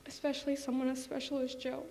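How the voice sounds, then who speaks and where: A woman's voice: high voice, completely flat delivery, fast talker, gravelly, a little mellow. A woman giving an earnest, plainly worded eulogy as a soul sister. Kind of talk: memorial speech. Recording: echoey hall with faint hum.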